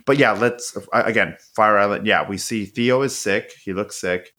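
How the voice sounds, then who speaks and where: A man co-hosting a podcast, recapping a show in casual chat, swearing freely and acting out the characters' lines. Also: normal speed. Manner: animated, profane, acts out quotes in high voices. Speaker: podcast co-host.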